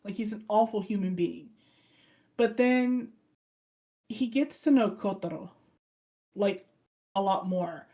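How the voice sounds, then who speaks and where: A woman co-hosting a relaxed online chat show, her voice dark and mellow at a middling pitch. She retells stories with energy and jumps into quick impressions of the characters as she goes. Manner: animated storyteller who acts out characters' lines. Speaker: podcast co-host. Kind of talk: casual chat, retelling an anime plot.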